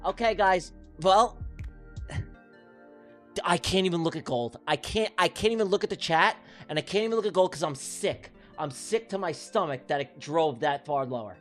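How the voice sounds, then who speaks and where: A man's voice: high-pitched, animated, moderate pace, a bit bright. A man hosts a live trading stream, and his voice swoops up and down as he vents. He sounds exasperated and swears freely as he talks to his chat. Faint music plays underneath. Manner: exasperated, venting, profane. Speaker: livestream trading host.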